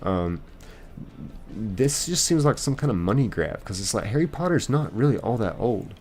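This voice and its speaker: A man's voice: on the low side, lively intonation, moderate pace, a little mellow, slight background noise. A young man hosting a live stream, casually reading viewer comments aloud and rambling with lots of fillers. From United States.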